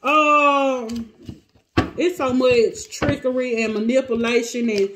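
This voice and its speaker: A woman with a high voice gives a casual tarot reading, exclaiming often and breaking off mid-sentence as she thinks aloud. Clear clicking noises run behind her voice. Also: steady tone, slow, noisy background. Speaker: tarot reader.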